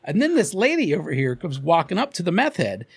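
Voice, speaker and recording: Podcast co-host, man, Cincinnati accent, lively profane storyteller, slightly high voice. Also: brisk, gravelly, husky. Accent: Cincinnati, Ohio. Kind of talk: casual storytelling chat.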